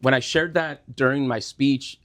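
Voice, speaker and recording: A man being interviewed, telling a personal story in an earnest, halting way with many restarts. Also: medium pitch, steady tone, a bit bright. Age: adult, former student. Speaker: interview guest.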